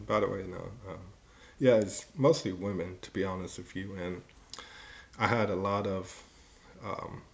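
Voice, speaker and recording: A young man in his twenties telling his own story in a rambling, casual way, full of "like" and "you know" and some swearing. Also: on the low side.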